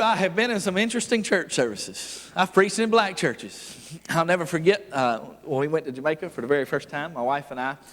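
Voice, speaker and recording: A man preaching a revival sermon, telling folksy stories with frequent laughs and building to loud, forceful preaching. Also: medium pitch. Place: church sanctuary. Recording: long church hall reverb.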